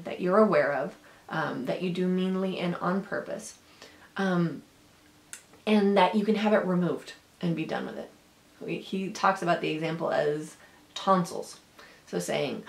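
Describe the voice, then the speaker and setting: A woman's voice: lowish voice, gravelly, echoey room. A woman educator giving an earnest workshop talk, acting out the people she quotes. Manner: earnest, acts out quoted voices.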